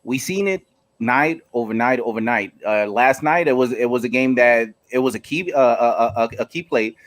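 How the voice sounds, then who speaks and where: A man in a casual sports debate who speaks haltingly, restarting with repeated words as he makes his point. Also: mid-range voice.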